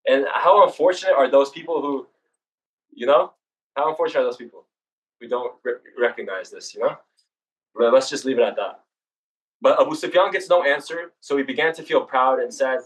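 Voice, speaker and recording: A young man leading a student discussion, retelling history in a rushed, casual way with many restarts. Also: mid-range voice, distant mic, poor audio. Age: young adult. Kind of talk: informal religious history talk.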